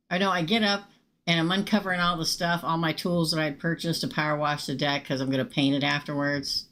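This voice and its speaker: A middle-aged woman, telling a casual, animated story to viewers during a live tarot reading stream. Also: fairly low pitch. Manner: chatty, animated, swears casually and talks straight to viewers. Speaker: tarot reader hosting a live show.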